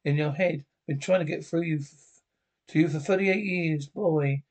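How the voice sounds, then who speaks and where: A man's voice: a little high, moderate pace, darkish tone. An actor voicing a man's sardonic inner conscience who taunts him in a mocking way, in a TV horror anthology.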